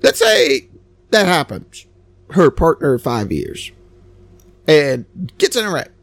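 A man's voice: on the high side, wildly swooping pitch, slow pace, creaky, pauses often, no room sound. A man giving a rambling, sarcastic opinion monologue, stammering and repeating himself. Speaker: commentator.

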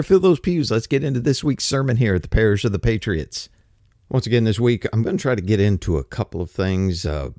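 A man's voice: deep voice, darkish tone, no echo, clean studio sound. A man hosting a podcast, ranting in a casual, colloquial way full of slang. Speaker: podcast host.

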